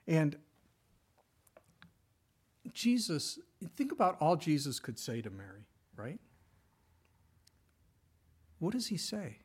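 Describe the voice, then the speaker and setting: A middle-aged man preaching a sermon in a conversational way, with sudden loud bursts, hushed asides and the odd laugh. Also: on the high side, very animated, moderate pace, slightly rough. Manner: jokes and laughs with the congregation. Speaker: pastor.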